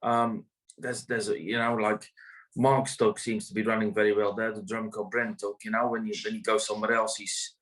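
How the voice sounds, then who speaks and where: Rambling, low-voiced greyhound trainer. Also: male voice, level tone, moderate pace, fairly bright tone, poor audio. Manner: rambling, many fillers and restarts. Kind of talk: casual interview.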